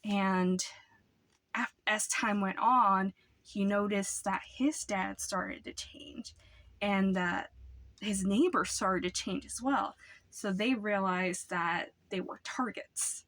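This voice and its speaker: A young woman chatting through book reviews at a mid pitch. She rambles along, filling her sentences with "like" and "um." The sound is close and dry. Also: slow pace, fairly bright tone, no room sound. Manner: rambling, lots of "like" and "um" fillers. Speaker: book vlogger.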